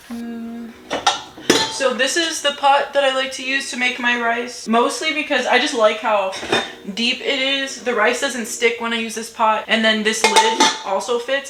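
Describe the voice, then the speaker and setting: A young woman with a slightly high voice talks to her viewers in a hyper, playful, chatty way. She is cooking in her home kitchen. Music plays clearly under her voice. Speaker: vlogger. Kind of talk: casual cook-with-me vlog.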